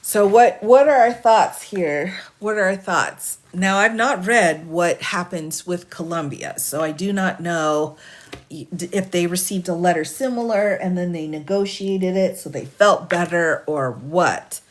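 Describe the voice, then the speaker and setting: Woman, attorney, live stream, reads a legal filing then chats, slightly low voice, voice cracking a little. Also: a little slow. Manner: reads formal text steadily, then chats warmly with viewers. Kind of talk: reading a legal filing and chatting with viewers. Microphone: phone or desk mic for a live stream.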